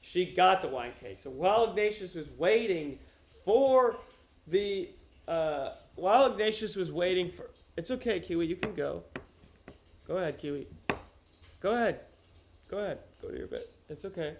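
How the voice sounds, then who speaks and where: A man's voice: high voice, animated, moderate pace. A man chatting casually and profanely on a livestream from a room at home while wearing headphones, joking around as he reads a novel aloud. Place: room at home with his dog. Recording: roomy echo.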